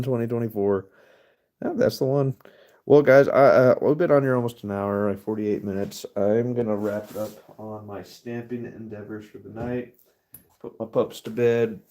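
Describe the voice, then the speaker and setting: A man's voice: mid-range voice, fairly even intonation, measured pace, pauses often, dark tone. A man hosting a casual live stream while stamping metal in his workshop, rambling, swearing often and laughing easily. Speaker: livestream host.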